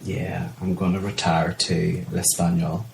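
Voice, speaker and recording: A man with a very deep, croaky voice, as if he is getting over a cold. He chats casually as a podcast co-host and teases himself. The sound is roomy, with a faint hiss behind it. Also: flat delivery, a little slow, a little mellow. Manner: joking, self-mocking. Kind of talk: casual chat.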